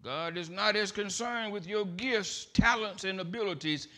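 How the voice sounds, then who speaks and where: A man preaching a sermon in church, building from quiet, deliberate phrases to shouted, emphatic lines. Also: sits high. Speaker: pastor.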